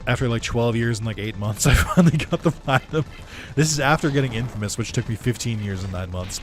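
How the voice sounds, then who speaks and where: A man's voice: mid-range voice, fast talker, soft background music. A man giving casual gaming commentary, rambling and laid-back with lots of fillers and some swearing. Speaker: let's play commentator.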